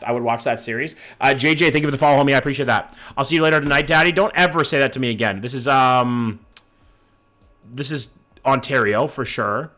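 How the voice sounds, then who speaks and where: A man's voice: medium pitch, a bit bright. Swearing streamer man in his thirties. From Vancouver, Canada. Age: 30s. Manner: casual, swears a lot, chats with viewers while guessing. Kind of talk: live-stream commentary, reading chat.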